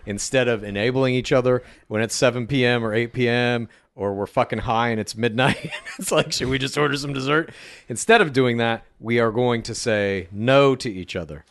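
A man co-hosting a comedy podcast, teasing his partner with deadpan jokes and laughing often. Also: medium pitch, moderate pace, no echo. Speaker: podcast co-host. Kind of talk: casual comedic podcast banter.

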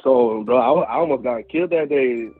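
A man's voice: medium pitch, normal speed, slightly rough, no echo, phone-quality sound, soft background music. A man in his twenties from Houston telling a story casually, full of slang, swearing and fillers. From Houston, Texas. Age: 20s. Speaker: guest storyteller.

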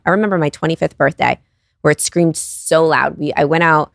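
A woman in her thirties guests on a podcast, sharing her story candidly in an earnest, confessional way packed with "like." Her deep voice is brisk with vocal fry, in a dry, studio-quality recording.

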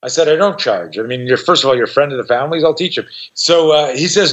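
Middle-aged man, podcast guest, casual storytelling, profane and animated, fairly high voice, slightly muffled lo-fi audio. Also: brisk, hardly any pauses.

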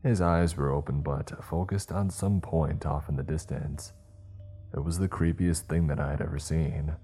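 A man narrating a first-person scary story in a measured way, voicing the dialogue himself. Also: a bass voice, fairly even intonation, warm tone, husky, soft background music. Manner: measured, acts out dialogue in his own voice.

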